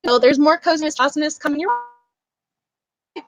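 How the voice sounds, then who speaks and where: A woman's voice: high-pitched, quick pace, soft background music, poor audio. A young woman hosting a book club livestream, chatting in a gushing, effusive way. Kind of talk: casual livestream chat.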